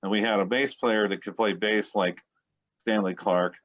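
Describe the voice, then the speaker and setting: A man of about sixty with a fairly low voice spins rambling, chatty stories as an interview guest. His voice comes through a dull, lo-fi recording. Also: fairly even intonation, normal speed. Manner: rambling, chatty anecdote-teller. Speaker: guest musician. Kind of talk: casual storytelling interview. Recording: dull lo-fi sound.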